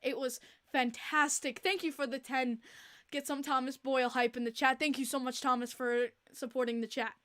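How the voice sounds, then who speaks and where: High-voiced, animated woman podcast host. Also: normal speed. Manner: animated and exasperated, repeating herself; chatty, with many fillers. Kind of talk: casual livestream chat.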